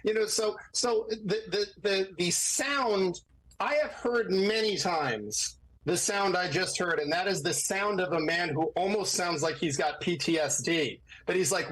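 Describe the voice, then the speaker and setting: Guy lawyer on a podcast, kinda husky, higher voice, acts out quotes a lot. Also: unhurried, fairly bright tone, rough recording. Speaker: divorce attorney guest. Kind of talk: podcast commentary.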